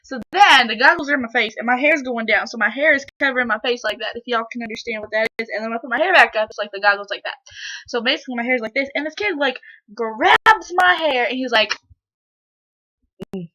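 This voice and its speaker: Teen girl vlogging from her bedroom, kinda high bright voice, tons of "like", dull lo-fi cam sound. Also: rapid-fire. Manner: rambling retelling, constant fillers and quoted back-and-forth. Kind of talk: casual storytelling to camera. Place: own bedroom, indoors. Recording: dull lo-fi home recording.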